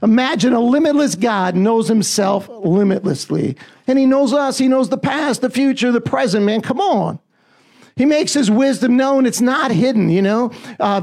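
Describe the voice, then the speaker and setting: A man preaching a sermon, reading scripture and urging the listeners on with repeated "come on" calls, often rising close to a shout. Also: extremely high pitch. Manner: emphatic, call-and-response fillers, often rising to near-shouting.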